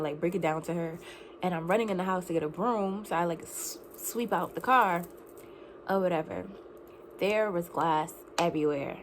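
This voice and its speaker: Young woman, storytime vlog, animated and laughing, faint hiss behind her. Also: fairly low pitch. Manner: animated, laughing, says "like" often. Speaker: vlogger.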